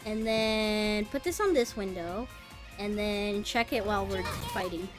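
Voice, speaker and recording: A young woman streams a game live, chatting loosely, teasing her viewers and swearing freely over game music. Her voice is medium-pitched and unhurried.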